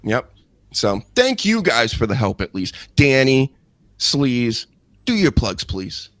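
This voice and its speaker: A man hosting a casual wrestling podcast, ranting sarcastically and jumping high in pitch when he mocks others. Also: sing-song, takes it slowly, a bit bright, no echo. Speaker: podcast host.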